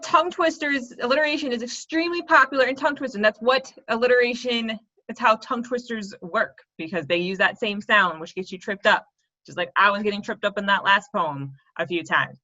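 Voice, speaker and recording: A woman's voice: medium pitch, bright, forceful tone, lo-fi sound. A woman teaching a lesson for children, speaking playfully and laughing at herself when she stumbles over tongue twisters. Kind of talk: video lesson for kids.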